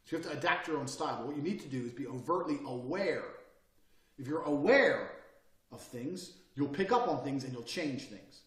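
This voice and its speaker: A man in his thirties giving a blunt, profane motivational lecture, forceful and brash as he tells his listeners how to speak and carry themselves. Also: mid-range voice, expressive, brisk. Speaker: course instructor. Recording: roomy sound, mic at a distance.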